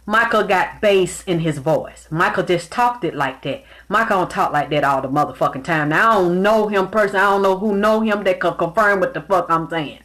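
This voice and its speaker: A woman's voice: medium pitch, a little fast, few pauses. A woman giving a spiritual reading in a casual monologue, telling stories bluntly with plenty of profanity. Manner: blunt, profane, animated storytelling. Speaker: spiritual reader.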